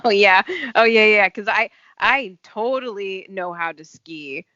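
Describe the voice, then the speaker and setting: Female podcast co-host, slow and playful, bright tone, dry close mic. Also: medium pitch, dry recording, muffled recording. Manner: laughs often, playful teasing. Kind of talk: casual chat.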